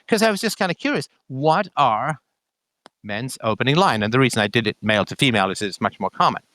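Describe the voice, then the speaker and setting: A man's voice: medium pitch, big pitch swings, fast talker, bright, forceful tone, no room sound. A middle-aged man hosting a call-in show, explaining points to a caller with repeated catchphrases and quoted examples. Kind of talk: conversational monologue to a caller.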